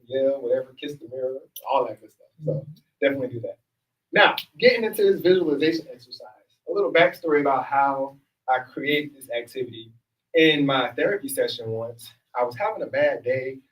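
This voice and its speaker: A man's voice: medium pitch, distant mic, muffled recording. A man leading a group workshop as a facilitator, talking casually and upbeat and often checking in with the room. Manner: upbeat, casual, keeps checking in with "all right?". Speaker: workshop facilitator and self-help coach.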